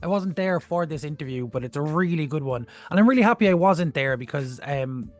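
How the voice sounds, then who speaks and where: A man's voice: on the high side, animated, a little fast, soft background music. A man with a Cork Irish accent, the co-host of a podcast, bantering in a playful, teasing way.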